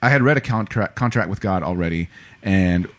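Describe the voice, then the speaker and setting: A man co-hosting a podcast in casual chat, an animated storyteller who acts out quotes. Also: low voice, fairly quick. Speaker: podcast co-host.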